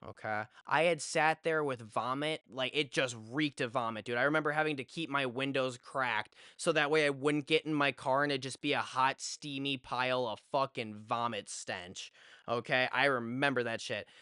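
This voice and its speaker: A man's voice: mid-range voice, steady tone, moderate pace, bright, forceful tone, smooth, dry recording, studio quality. A young man telling a story to his vlog audience in a casual, rambling way, swearing freely. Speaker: vlogger. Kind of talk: story time.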